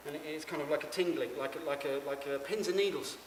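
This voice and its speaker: Male stage performer, stammering absurd monologue; higher voice, distant mic, reverberant venue. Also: fast, a little hiss or hum. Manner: rambling, stammering, addresses the audience. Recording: echoey hall, mic far off.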